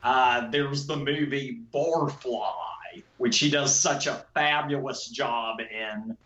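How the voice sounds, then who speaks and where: A man on a film podcast speaking slowly and deliberately in a casual discussion. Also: mid-range voice, bright, forceful tone. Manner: slow, deliberate and measured. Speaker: podcast co-host. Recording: dull, echoey room sound.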